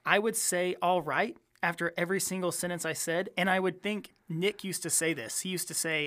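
A man, a youth minister, telling a story in casual chat with lively energy. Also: high voice, moderate pace, hardly any pauses. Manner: animated storyteller, uses fillers.

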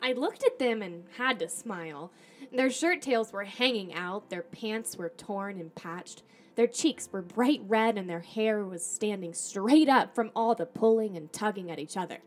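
A woman's voice: mid-range voice, unhurried. Woman reading a storybook aloud. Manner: animated first-person storytelling with acted dialogue. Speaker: podcast host reading a storybook.

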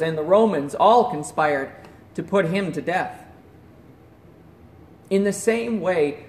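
High-voiced preacher in an echoey room. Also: male voice. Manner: earnest preaching, dropping to a hush at solemn points. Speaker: pastor. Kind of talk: sermon.

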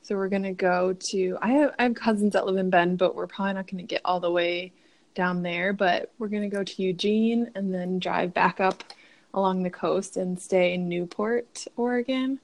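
A woman's voice: mid-range voice, fairly even intonation, moderate pace. Chatty young woman co-host. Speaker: podcast co-host. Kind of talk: casual chat.

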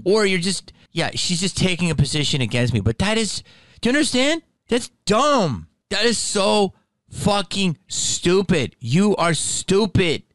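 Comedian guy venting to the camera, swears a lot, pretty high voice, dry close sound. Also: big pitch swings, unhurried, fairly bright tone, no room sound. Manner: profane, heated and indignant. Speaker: stand-up comedian. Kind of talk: ranting commentary to camera.

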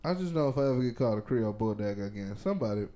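Profane, animated podcast co-host man. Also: fairly low pitch, very fast. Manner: profane, animated, laughing often. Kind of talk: crude casual banter.

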